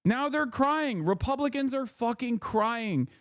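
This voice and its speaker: A man's voice: extremely high pitch, expressive, measured pace, fairly bright tone, dry recording, clean studio sound. A man ranting sarcastically and with profanity as a political commentator on a casual livestream. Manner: heated, profane, sarcastic rant.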